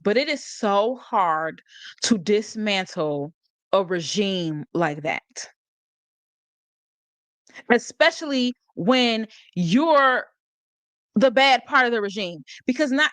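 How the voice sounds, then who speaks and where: A woman's voice: on the high side, a bit bright, no echo. A woman hosting a live stream, talking about a court case in a casual, sarcastic way, laughing often and reading out chat comments. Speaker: livestream host.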